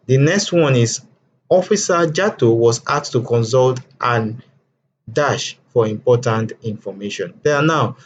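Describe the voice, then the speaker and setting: A man's voice: medium pitch, darkish tone, dull audio, slight background noise. A man teaching an exam prep lesson over on-screen slides. He often asks "what?" and answers it himself.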